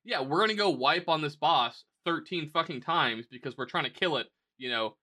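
A young man co-hosting a podcast, telling animated stories in a casual, profane way. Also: a little high, normal speed. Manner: animated storytelling, lots of swearing. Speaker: podcast co-host. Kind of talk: casual chat.

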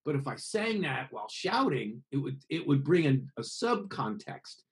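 A man from America being interviewed about singing, explaining with lively examples and acted-out voices. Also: medium pitch, moderate pace. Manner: expressive, acts out voices to make points. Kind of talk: conversational interview over a call.

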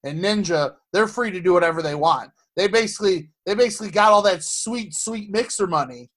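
Brief: male podcast co-host, high pitch, rambling and profane, loose casual chat. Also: fairly quick, fairly bright tone. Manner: rambling, swears freely, frequent restarts.

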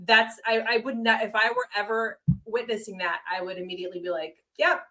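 A woman co-hosting a podcast, giving blunt opinions in casual chat and swearing freely. Her voice is bright and forceful, at a middling pitch. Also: fairly even intonation, brisk, low-quality recording. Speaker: podcast co-host.

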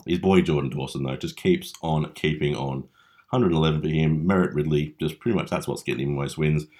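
Australian man, very deep voice, casual recap host, teasing, mock-dramatic. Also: a little fast, a little mellow. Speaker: fantasy league podcast host.

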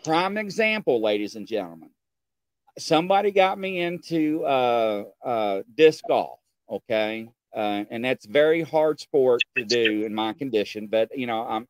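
A man's voice: mid-range voice, no room sound. A man telling a story in casual chat, acting out dialogue and often checking in with his listeners. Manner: animated, acts out dialogue, keeps checking in with "okay?".

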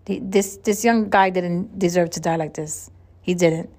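A woman's voice: fairly low pitch, steady tone, measured pace, darkish tone. A woman hosting a solo podcast, talking in a chatty, earnest way and often restarting and repeating her words. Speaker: podcast host. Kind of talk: casual solo podcast monologue.

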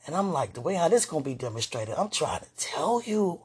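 This woman's low, breathy voice has a sing-song lilt and a brisk pace. Addressing a viewer in a casual, emotional way, she wanders affectionately from thought to thought, brings up God frequently, and speaks so softly she nearly whispers at times.

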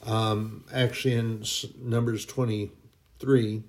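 A man's voice: on the low side, flat delivery, takes it slowly, slight background noise. A man preaching an informal sermon in a folksy, emphatic way, now and then mocking people in a put-on voice.

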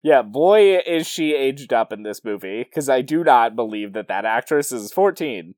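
A man co-hosting a film podcast who critiques bluntly and sounds fed up at times. His pitch moves widely, and the recording is dry and close. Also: animated, normal speed, a little mellow, no echo. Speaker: podcast co-host. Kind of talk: casual film review chat.

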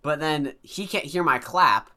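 Young male podcast host, lively pitch, bright, rambling delivery. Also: unhurried. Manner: rambling, laughing, animated. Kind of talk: casual chat.

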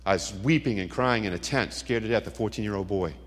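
A man's voice: fairly low pitch, fast talker. Middle-aged man preaching in a hall. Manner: dramatic storytelling with punchy asides. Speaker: Christian speaker. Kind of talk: testimony sermon. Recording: long hall reverb.

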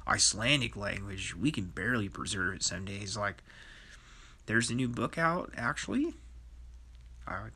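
A man's voice: fairly low pitch, normal speed, sharp tone, husky. A man hosting a podcast in a rambling, profane monologue, laughing to himself. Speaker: podcast host.

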